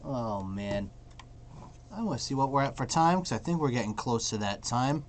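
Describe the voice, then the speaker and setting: A man's voice: medium pitch, expressive, normal speed, slight background noise. A man hosting a casual podcast in a laid-back way, laughing often. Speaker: podcast host.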